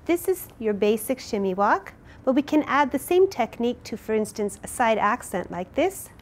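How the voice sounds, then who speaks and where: A woman's voice: fairly high pitch, very animated, normal speed, slight background noise. A woman teaching a dance lesson, explaining and counting out each move as she demonstrates it. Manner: clear, counting out moves while demonstrating. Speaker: dance instructor.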